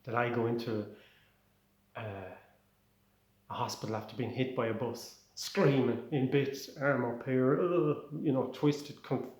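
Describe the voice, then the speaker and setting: Rambling Irish comedian, echoey room. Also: male voice, mid-range voice, a little slow. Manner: rambling, self-interrupting, excitable. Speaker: stand-up comedian. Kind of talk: comic storytelling.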